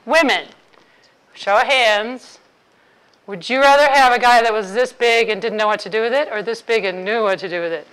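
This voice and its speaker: A woman's voice: on the high side, moderate pace, a bit bright, smooth, low-quality recording. A woman author giving a humorous talk to a live audience, playfully quizzing the crowd. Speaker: author and intimacy speaker.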